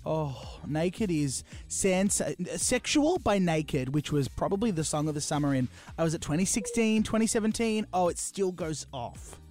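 A man's voice: a little high, animated, normal speed, hardly any pauses, darkish tone. A male radio host, interviewing a guest in an enthusiastic, jokey, rambling way. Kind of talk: casual interview.

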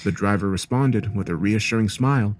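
A man with a low voice narrates a scary story in a calm, measured first-person telling. A faint hiss sits underneath the recording. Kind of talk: scripted horror story narration.

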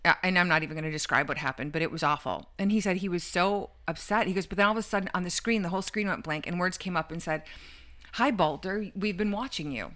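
A woman co-hosting a talk show retells a story in casual, rambling fashion, packing in fillers and quoted lines. Her voice runs on the low side, very fast, with few pauses and a bright, forceful tone.

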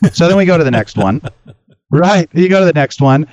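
A man's voice: a little high, expressive, normal speed, a little mellow, no room sound. A man hosting a talk show, telling a long casual story with lots of restarts and swearing. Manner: rambling, repeats words, swears freely. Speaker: podcast host. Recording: slightly dull dry recording.

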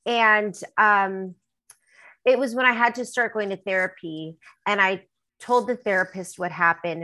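A woman with a bright, clear-toned voice speaks as a singer-songwriter guest in an interview. She talks candidly and emotionally. She rambles, full of fillers and restarts. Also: medium pitch, rough recording.

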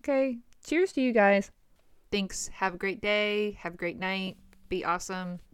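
A woman's voice: medium pitch, a little slow, background noise. A woman in her thirties hosting a solo podcast, venting about the holidays in a frank, exasperated way and swearing freely. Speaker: podcast host.

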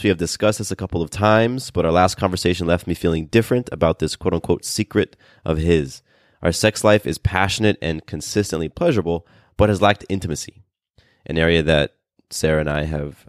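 There's no room sound in this studio-quality clip of a male podcast co-host. He chats earnestly and casually, often starting sentences over, reads an email from a listener, and comments that he sounds bassy today.

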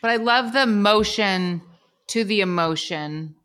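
A woman's voice: mid-range voice, measured pace, a bit bright. A woman in her forties, a podcast guest, chatting candidly and laughing often. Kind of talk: casual chat.

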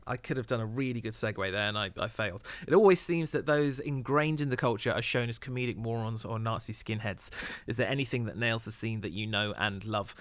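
This man hosts a podcast in a loose, rambling style full of fillers and false starts. His lower voice is a bit bright and a little fast, with few pauses and no echo.

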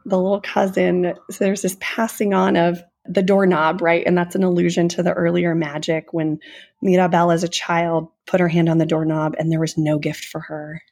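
A woman's voice: on the low side, level tone, moderate pace, darkish tone. A woman co-hosting a podcast, earnestly and emotionally retelling a film in casual conversation. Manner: earnest, emotional storyteller who gushes. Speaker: podcast co-host.

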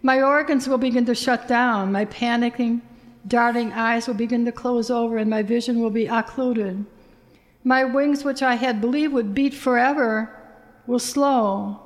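A woman narrating a literary first-person story in a measured, expressive reading voice. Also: a little high.

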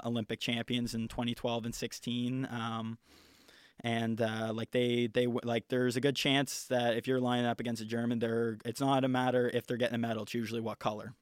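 A man's voice: medium pitch, little pitch movement, moderate pace, smooth, dry recording, studio quality. A young man from Canada, a national team canoeist, chatting as a podcast guest and telling stories with many fillers and restarts. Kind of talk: casual interview chat.

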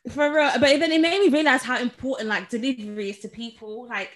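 A woman from England co-hosts a casual podcast, talking in a slightly high voice. She tells stories with lively acted-out quotes. Her delivery is chatty and animated. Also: a little fast. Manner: animated storytelling, acts out quotes. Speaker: podcast co-host. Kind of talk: casual chat.

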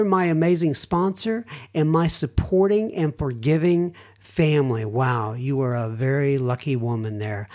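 A man's voice: a little high, a little mellow. A middle-aged man hosting a recovery podcast, chatting casually and reading listener emails aloud with self-deprecating asides. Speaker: podcast host.

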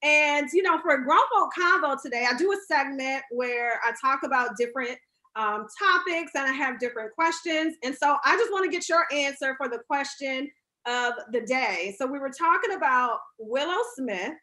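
A woman hosting a casual interview over a video call, bubbly and quick to laugh. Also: sits high, expressive, pushed and bright. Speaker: talk show host.

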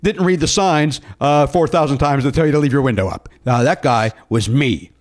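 A man's voice: medium pitch, moderate pace. A man hosting a casual chat, rambling with lots of fillers and jokes. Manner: rambling, filler-heavy, jokey. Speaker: podcast host.

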